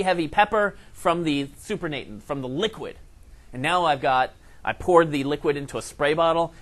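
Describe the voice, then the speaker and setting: A man teaching a science lesson, telling a comic story in an animated way with acted-out quotes. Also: fairly high pitch.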